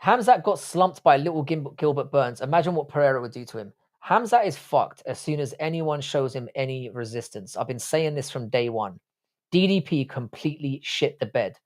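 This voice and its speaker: A man's voice: medium pitch, lively intonation, fairly quick, darkish tone. A young man, Irish-born and London-raised, hosts a casual livestream. He talks bluntly and swears freely while reacting to viewers' comments. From Ireland. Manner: blunt, profane, chatty. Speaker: livestream host. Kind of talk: casual live chat reading comments.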